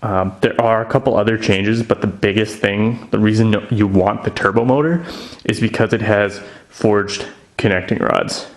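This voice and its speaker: A man's voice: on the low side, normal speed. A young man chatting casually and eagerly about his car project in his home garage, with lots of filler words.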